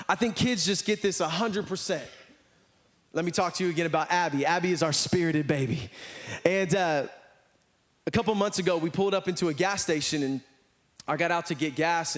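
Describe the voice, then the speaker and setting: A man's voice: on the high side, normal speed. An American man preaching a sermon to a church, telling stories and acting out the voices of the people in them. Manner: animated storytelling, acts out voices. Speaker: pastor.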